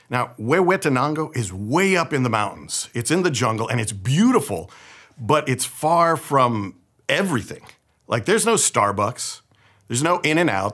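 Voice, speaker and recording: A man's voice: medium pitch, a bit bright. A man from the San Francisco Bay Area preaching a sermon as pastor, telling a story in a conversational, humorous way.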